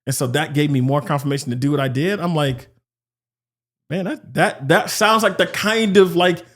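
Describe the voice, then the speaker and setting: A man with a slightly higher voice talks through a casual podcast conversation. He is animated and drops into other people's voices when he quotes them. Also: normal speed. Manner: animated, acts out quotes with shifting pitch. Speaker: podcast co-host. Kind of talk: casual chat.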